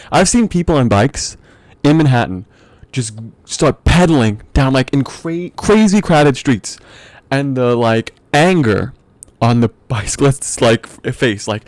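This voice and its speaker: A man's voice: medium pitch, lively intonation, a little slow, darkish tone, dry recording. A young man hosting a podcast, telling a comic rant in a profane, exasperated way and laughing often. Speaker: podcast host. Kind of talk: comedic storytelling rant.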